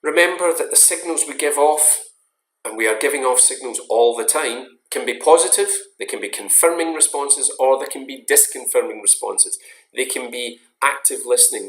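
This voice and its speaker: A man giving a recorded online lecture in a measured, explanatory way, stressing key words. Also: mid-range voice. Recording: roomy echo.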